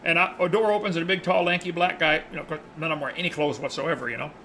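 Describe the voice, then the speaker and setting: Guy teaching bible study, animated storyteller, kinda high bright voice. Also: very fast, a little hiss or hum, low-quality recording. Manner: animated, acts out the characters' lines in his retelling.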